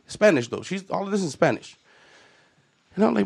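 A man tells a stand-up story in a high register. He swears freely and drops street slang. He sounds like a man in his thirties. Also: sing-song, normal speed, gravelly, pauses often, slightly rough, dry recording, clean studio sound. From Los Angeles. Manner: profane, storytelling, Chicano slang. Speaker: stand-up comedian. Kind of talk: stand-up set.

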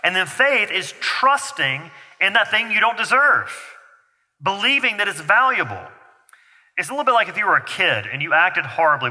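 A pastor with a slightly high, bright, forceful voice preaches in a church sanctuary with hall reverb. He talks to the congregation loosely and conversationally, joking with the kids in the room.

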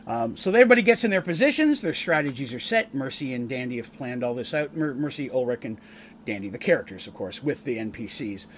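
A man's voice: mid-range voice, sing-song, quick pace, slight background noise. A Canadian-raised man recapping a tabletop campaign on stream in a casual, rambling way, often restarting his sentences. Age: adult, eldest grandchild with a wife. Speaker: game master and streamer.

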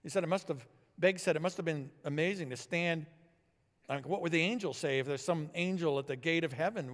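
A male pastor preaches with a slightly high voice. He swings between forceful stresses and hushed, drawn-out lines. The sound carries a long hall reverb. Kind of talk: sermon.

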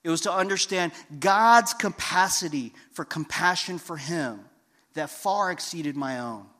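A man preaching a sermon, telling a personal story and swinging between hushed, quiet passages and loud, emphatic ones. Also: a little high, unhurried. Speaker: pastor.

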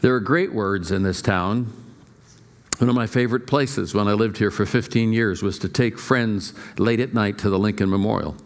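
A middle-aged male pastor preaching a sermon, telling stories with playful asides and shifting emphasis. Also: lowish voice.

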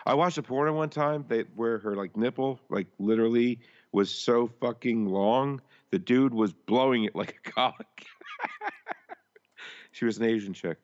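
A man's voice: medium pitch, lively intonation, measured pace, lo-fi sound. A man co-hosting a podcast, telling blunt, crude stories and laughing often. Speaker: podcast co-host. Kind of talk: crude casual banter.

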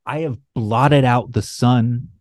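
A crude, boastful villain gloating over a beaten enemy, as a man puts him on while retelling a comic. He speaks at a middling pitch in his own plain voice. The sound is dry and close. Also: steady tone, takes it slowly, a little mellow, no room sound, natural voice.

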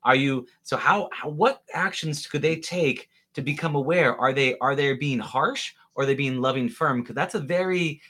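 A man's voice: medium pitch, normal speed, few pauses, sharp tone. A man hosting a podcast interview, reflecting on what his guest said and building up to a question. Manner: reflective, restarts thoughts while framing questions. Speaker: podcast host. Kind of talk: conversational interview.

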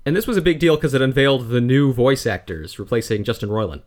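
A man hosting a casual podcast, brisk and profane, steering his co-hosts along. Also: mid-range voice, animated, darkish tone. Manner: brisk, profane and directing the others. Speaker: podcast host. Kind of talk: casual chat.

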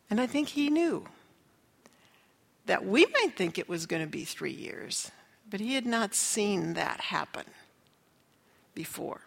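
A middle-aged woman with a fairly high, bright, expressive voice shares a personal faith story at a measured pace, earnestly. She acts out the voices of the people she quotes, and a long hall reverb hangs over the recording.

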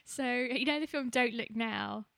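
A woman co-hosting a podcast, making soft, dry teasing remarks in casual chat. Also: fairly high pitch, unhurried, vocal fry, dry recording. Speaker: podcast co-host.

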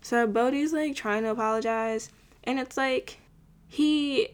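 A woman's voice: fairly high pitch, measured pace, clear, resonant tone. A young woman casually recapping a TV episode, chatty and full of filler words, with wry asides. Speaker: show recapper.

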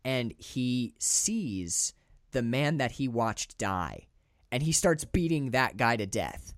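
A man co-hosting a podcast, talking through a film in a casual, animated, profane way. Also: mid-range voice, slow, no room sound. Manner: animated, profane, restarts often. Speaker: podcast co-host.

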